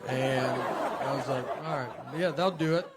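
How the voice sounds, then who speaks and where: A middle-aged comedian, telling stories in a deadpan, self-deprecating way and laughing through them. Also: male voice, medium pitch, unhurried, a loud crowd. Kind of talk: casual comic storytelling. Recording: noisy background hiss.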